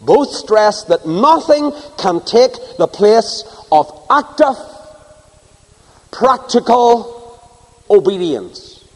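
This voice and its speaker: A man preaching a sermon to a congregation, swinging from loud emphasis to hushed asides. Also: sits high, sing-song, extremely slow, in a large hall, poor audio. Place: church before a live congregation.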